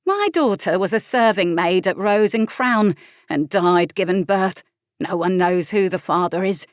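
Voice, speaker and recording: A woman's voice: mid-range voice, no echo, studio quality, close to an everyday voice. A woman narrator voicing a bitter, scowling poor old grandmother who speaks with a thick accent in an audiobook. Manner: harsh, complaining, thick-accented. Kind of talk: audiobook character voice.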